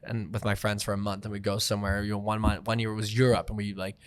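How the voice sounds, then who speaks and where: A man, a stand-up comedian and podcast host, telling animated stories in a casual comedy chat and jumping into voices. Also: on the low side, fast talker, clear, resonant tone. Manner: animated storyteller, jumps into voices.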